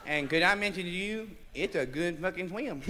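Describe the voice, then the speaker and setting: Male stand-up comic, high voice, profane and rowdy, on a crackly live-club record. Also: normal speed. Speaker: stand-up comedian. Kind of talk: crude stand-up comedy. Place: nightclub stage. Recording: live club audience, noisy vinyl.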